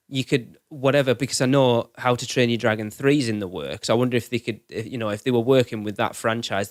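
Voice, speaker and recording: A man's voice: lowish voice, dry recording. Guy on a podcast just chatting, kinda rambly, catches his own mistakes, dry close mic. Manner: rambling, corrects himself mid-thought. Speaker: podcast co-host. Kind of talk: casual chat.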